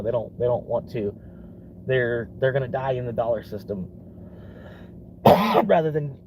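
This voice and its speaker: A man's voice: medium pitch, highs cut off, background noise. A young man from Florida in a casual rambling vlog, swearing often and laughing between thoughts. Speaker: vlogger.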